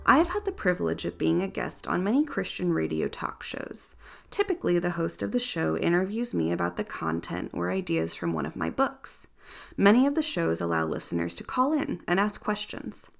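A woman's voice: lowish voice, lively intonation, normal speed, creaky. A woman narrating a nonfiction audiobook in the first person, earnest and reflective.

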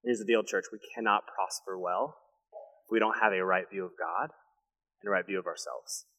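A young man preaching a sermon to his church, telling a family story with lively storytelling and then dropping into a hushed, intense delivery. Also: sits low, normal speed. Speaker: pastor. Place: church sanctuary. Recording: long hall reverb.

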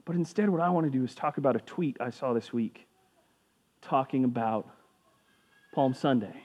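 A man's voice: mid-range voice, normal speed, a little mellow, dull audio. A man giving a casual sermon as a pastor, conversational and jokey, briefly acting out voices of people in the story.

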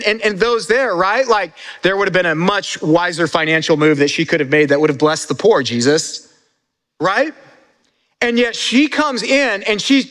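Male pastor, high-pitched, conversational sermon with restarts; reverberant hall. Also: a bit bright. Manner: conversational, repeats words when building a point.

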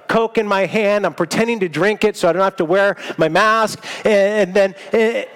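A man preaching a sermon, telling a personal story in a lively, self-mocking way. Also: high voice, normal speed, clear, resonant tone. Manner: animated storytelling, self-mocking, laughs at himself. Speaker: pastor. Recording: long hall reverb.

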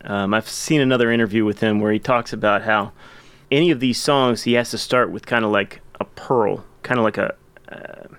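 A man's voice: lowish voice, fairly even intonation, normal speed, fairly bright tone, clean tone, no room sound. A man hosting a podcast, chatting enthusiastically about songs with some rambling restarts. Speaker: podcast host. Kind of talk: casual chat about music.

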